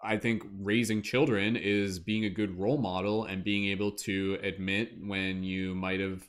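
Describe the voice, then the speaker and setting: A man with a lowish voice hosts a casual podcast discussion. He speaks in a reflective, easygoing way and hands the turn from one guest to the next. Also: level tone, moderate pace, clear, resonant tone. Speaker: podcast host.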